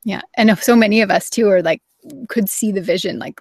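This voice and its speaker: A woman's voice: mid-range voice, fairly quick, dry recording, clean studio sound. A middle-aged woman hosting a live wellness show, chatting enthusiastically with a guest. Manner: enthusiastic, gushing, acts out quotes. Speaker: host.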